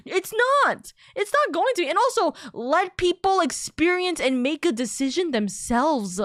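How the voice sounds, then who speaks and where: High-voiced woman ranting heatedly. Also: sing-song, unhurried, few pauses, a bit bright, dry recording, clean studio sound. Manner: heated, swears freely, many restarts. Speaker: streamer. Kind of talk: casual live-stream rant.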